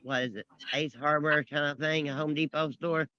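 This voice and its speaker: A man's voice: a little high, steady tone, normal speed, sharp tone, no echo, highs cut off. A man joining a livestream chat, easygoing and searching for words. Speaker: guest on livestream. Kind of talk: casual chat.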